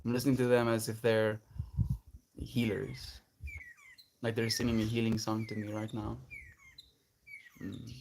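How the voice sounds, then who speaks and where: A man's voice: lowish voice, monotone, a little slow, vocal fry, pauses often, background noise. A man chatting casually on a livestream, reflective and earnest, laughing often as he answers his chat.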